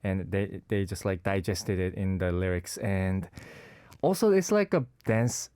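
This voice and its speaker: A man's voice: sits low, expressive, unhurried, darkish tone, clear, resonant tone, no echo, studio quality. A man co-hosting a radio music show, casually presenting a song pick and searching for his words. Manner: hesitant, many fillers and restarts, searching for words. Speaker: radio co-host.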